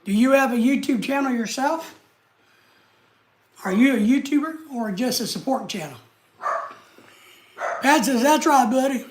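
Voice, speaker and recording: A man's voice: very high-pitched, animated, a little slow, long pauses, background noise. A man hosting a live stream, chatting casually and answering viewer comments in an easygoing way. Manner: easygoing, chatty, talks straight to the chat.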